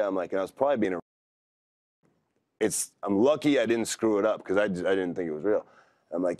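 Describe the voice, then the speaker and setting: A deep-voiced man in his thirties who drifts through his stories with a relaxed, rambling ease. The sound is dry and close, with no room around it. He talks like a guest in a casual sit-down interview. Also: brisk, pauses often, no echo. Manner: laid-back, rambling storytelling. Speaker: wrestler guest.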